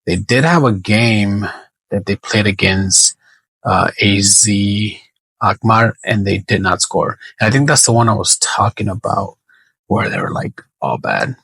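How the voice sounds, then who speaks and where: Slow, gravelly man musing over bets. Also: fairly low pitch, lively intonation, a bit bright, no room sound, poor audio. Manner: thinks aloud, hesitant, self-correcting. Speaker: sports betting predictor. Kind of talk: casual solo prediction talk.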